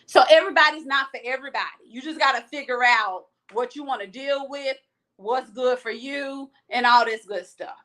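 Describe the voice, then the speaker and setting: A woman hosts a casual livestream in a fairly high voice. She speaks frankly and with energy, right to her viewers, and reads out their comments as she goes. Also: normal speed. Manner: frank, animated, talks straight to the viewers. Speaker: host of a live chat show.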